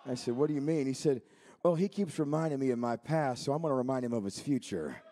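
A man in his thirties preaching a sermon in a church, moving between quiet storytelling and shouted, fervent preaching. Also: mid-range voice, expressive, fast. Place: church sanctuary.

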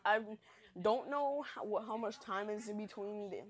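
A young woman talks over her gameplay in a casual, chatty way, hyped and poking fun at herself. She has been up all night, and it shows in her loose, rambling delivery. Her voice sits at an ordinary middle pitch. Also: moderate pace. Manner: hyped, chatty, self-mocking. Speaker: gaming channel host.

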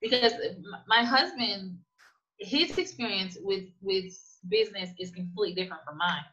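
A woman's voice: mid-range voice, normal speed, muffled recording. A woman guest in a conversational interview, telling stories emphatically and acting out quoted dialogue. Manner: emphatic, animated storytelling with acted-out quotes. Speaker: guest, immigrant business owner.

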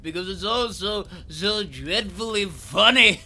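A man's voice: high voice, animated, a little slow, sharp tone, exaggerated voice. An actor playing the wizard Merlin in a full cast audio drama, laughing helplessly and gasping through his words. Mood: manic laughter. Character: wizard Merlin, a man gripped by manic laughter at grim secrets.

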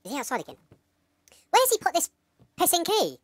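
A woman's voice: very high-pitched, fairly quick, no room sound. A woman commentating her own gameplay, swearing, laughing and talking to herself as she reacts to the game. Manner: excitable, swears a lot, talks to herself, yelps and laughs. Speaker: gamer playing a horror game.

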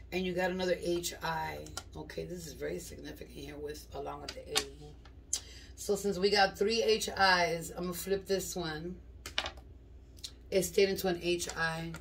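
A woman giving a casual tarot reading to her viewers, blunt, slangy and profane, rambling as she goes. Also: on the low side. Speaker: tarot reader. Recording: distant mic with clear background noise and clicks.

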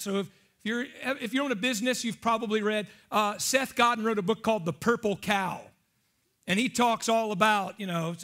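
A male pastor preaching in a relaxed, conversational way, with a very high voice for a man. He jokes and keeps asking the congregation questions. His tone is bright and forceful. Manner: chatty, joking, asks the congregation questions. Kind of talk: casual sermon.

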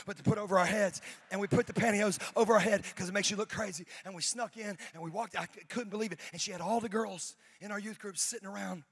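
High-voiced, animated man preaching. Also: slightly rough. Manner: animated storytelling, rising to shouted high-pitched peaks. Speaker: pastor. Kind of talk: sermon.

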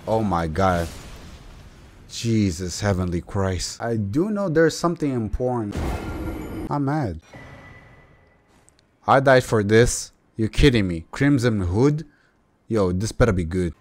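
A man giving gameplay commentary, exasperated, swearing and loudly exclaiming at the game. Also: medium pitch, lively intonation, slow pace. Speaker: gamer.

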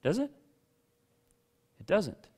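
A male pastor and father giving a sermon in a conversational way, asking questions of listeners by name and at times raising his voice for emphasis. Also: slow. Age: adult with children. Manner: conversational preaching, rising to loud rhetorical outbursts.

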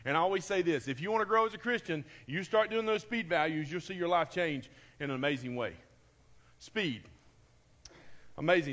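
Man, pastor, sermon, high voice, excited, repeats himself. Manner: enthusiastic, emotional, repeats phrases. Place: church sanctuary.

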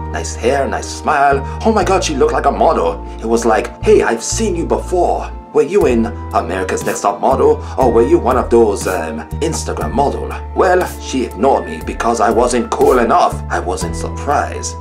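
Guy doing comedy skit narration, jumpy lively voice, making fun of himself, music behind. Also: medium pitch. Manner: animated, exaggerated and self-mocking. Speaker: voice actor telling a comic story.

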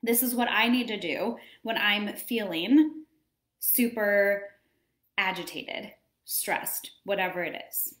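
A woman's voice: medium pitch, slow. Chatty woman coach in an echoey room. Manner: chatty, animated, acts out scenes. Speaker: wellness coach. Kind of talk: casual advice talk.

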